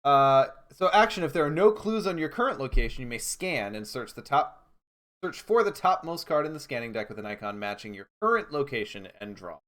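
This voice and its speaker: Another male co-host and player on the podcast has a medium-pitched, slightly bright voice that's expressive and brisk. During the casual card game he tosses off wry, profane jokes and reads cards with dramatic flair.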